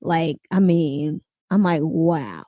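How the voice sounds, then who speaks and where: Mellow-voiced woman in casual podcast chat. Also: deep voice, slow, dry recording. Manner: chatty, lots of fillers and 'like'. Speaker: podcast co-host.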